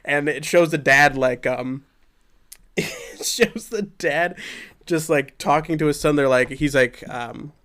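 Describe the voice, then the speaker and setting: A man's voice: on the high side, slow pace. A young man co-hosting a podcast, reviewing a movie in casual, profane chat and acting out the scenes with energy. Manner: excitable, profane, acts out scenes. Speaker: podcast co-host.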